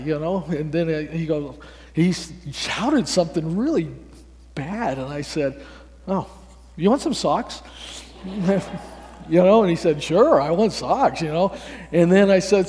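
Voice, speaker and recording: A man preaching a sermon, telling a story with lively acted-out dialogue and small chuckles. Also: on the high side, in a large hall.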